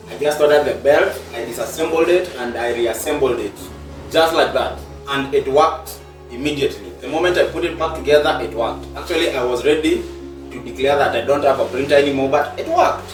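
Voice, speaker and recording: A man with a Kenyan accent venting in frustration while filming a casual vlog at his workspace. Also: mid-range voice. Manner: frustrated venting, mixing English and Swahili. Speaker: vlogger. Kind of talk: casual on-location vlog talk. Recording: roomy, distant from the mic, music playing.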